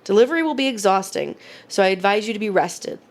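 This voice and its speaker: A woman voicing a menacing kidnapper who reads out a ransom note in a slow, deliberate, mock-foreign way. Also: mid-range voice, lively intonation, close to an everyday voice.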